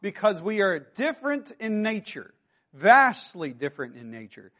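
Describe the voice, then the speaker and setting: A man's voice: high-pitched, big pitch swings, normal speed, fairly bright tone, highs cut off. A man preaching a sermon as pastor, talking conversationally and throwing rhetorical questions at his listeners.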